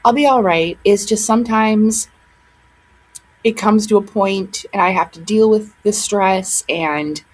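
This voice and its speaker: A young woman speaks to her viewers from home in a breathy, airy voice at an ordinary middle pitch. She rambles and doubles back, her casual talk sliding between gratitude and upset, with plenty of fillers. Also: measured pace, poor audio. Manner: rambling, emotional, frequent fillers and restarts. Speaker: vlogger. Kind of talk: casual chat to camera.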